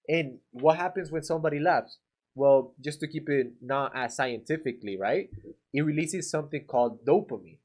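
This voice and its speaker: A man coaching painters on winning estimates, talking casually and acting out greetings in playful voices. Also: on the high side. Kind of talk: casual instructional talk to camera.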